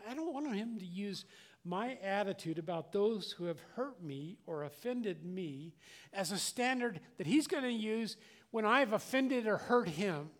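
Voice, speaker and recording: An older man with a high, lively voice preaches unhurriedly as a pastor, giving a conversational sermon. He sounds earnest and plainspoken, often restarting and repeating words.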